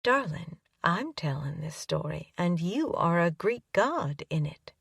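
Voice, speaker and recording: A woman narrator voicing a passionate young woman, speaking softly and breathlessly. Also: fairly low pitch, big pitch swings, measured pace, gravelly, breathy edge, no room sound, studio quality, recorded from a distance, exaggerated voice. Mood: intimate.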